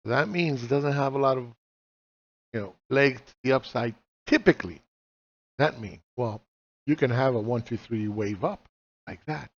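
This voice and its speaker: A man's voice: medium pitch, normal speed, creaky, pauses often. A man in his forties teaching chart reading in a casual walkthrough. He is blunt and profane and fires off rhetorical questions. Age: 40s. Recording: slightly dull lo-fi recording.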